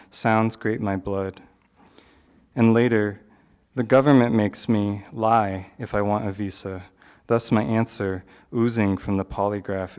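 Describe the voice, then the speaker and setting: A man's voice: fairly low pitch, a little mellow, smooth. Man reading a poised literary introduction. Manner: measured, literary delivery. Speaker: event host introducing a poet. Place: live reading venue.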